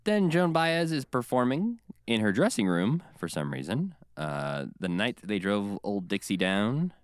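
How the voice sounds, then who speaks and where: A man co-hosting a podcast in casual chat, animated and often acting out quotes. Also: lowish voice, measured pace, smooth, dry recording, studio quality. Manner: animated, quotes others in bursts. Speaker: podcast co-host.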